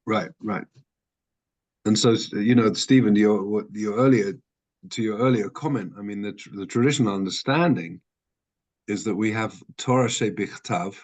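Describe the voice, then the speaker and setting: A man, a rabbi, teaching an adult class in a thoughtful way, often pausing with ums and restarting his sentences. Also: on the low side, darkish tone.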